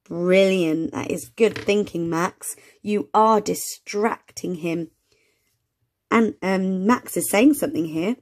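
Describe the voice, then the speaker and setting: A woman reading an early reader aloud to young children, gently sounding out words and asking encouraging questions. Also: medium pitch, takes it slowly. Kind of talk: children's read-along lesson.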